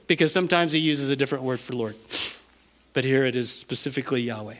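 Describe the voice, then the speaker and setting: A man preaching a sermon, emphatic, slowing right down on key phrases and dropping low for quick asides. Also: a bit bright. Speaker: pastor.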